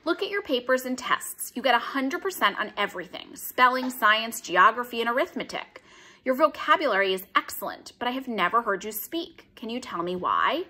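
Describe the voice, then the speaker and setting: A stern middle-aged schoolteacher with a firm, measured delivery and a bright tone, as a woman reading a storybook puts her on. Her pitch still moves with some life. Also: big pitch swings, full character voice.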